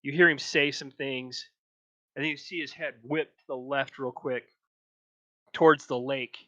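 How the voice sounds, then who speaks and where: A man acting as game master for a tabletop game, narrating scenes very slowly. His voice is bright and tense, coming over a dull, lo-fi chat line that sounds dry. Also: mid-range voice, steady tone, no echo. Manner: slow, descriptive narration.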